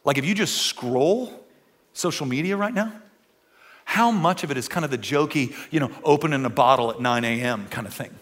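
A man preaching in a church, swinging between emphatic exclamations and hushed, joking asides. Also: mid-range voice, lively intonation, normal speed. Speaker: pastor. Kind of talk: sermon. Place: church auditorium, indoors.

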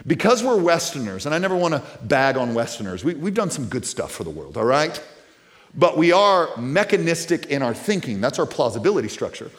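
A pastor in his thirties delivers a sermon in a loose, casual way, restarting phrases and repeating words before building to loud, emphatic high points. His voice sits fairly high, and he's very animated and talks a bit quickly.

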